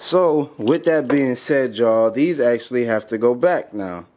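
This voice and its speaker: A man's voice: mid-range voice, animated, measured pace, a little mellow, a little hiss or hum. A man vlogging a car modification, talking casually to viewers and sounding exasperated. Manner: frustrated, exasperated, laughing it off. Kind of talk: casual vlog.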